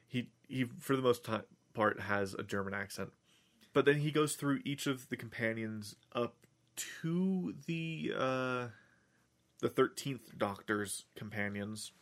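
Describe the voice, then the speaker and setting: A man's voice: medium pitch, fairly bright tone. A man on a podcast casually recapping an episode, rambling with many restarts and fillers. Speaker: podcast host.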